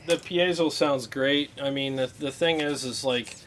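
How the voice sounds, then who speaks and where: A man hosting a casual livestream, talking about guitar gear in a relaxed, rambling way with many fillers. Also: mid-range voice, a little slow, a little hiss or hum.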